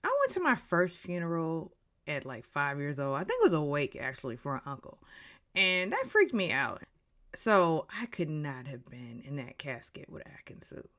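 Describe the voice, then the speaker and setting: A woman's voice: deep voice, very animated, normal speed, fairly bright tone. A woman giving a casual, gossipy recap rant about a reality show, full of blunt opinions. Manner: opinionated and gossipy, slips into voices for the people she talks about.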